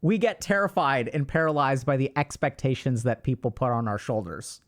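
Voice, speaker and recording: A man in his thirties giving life advice to his chat in casual livestream talk, emphatic and animated, swearing now and then. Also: medium pitch, moderate pace.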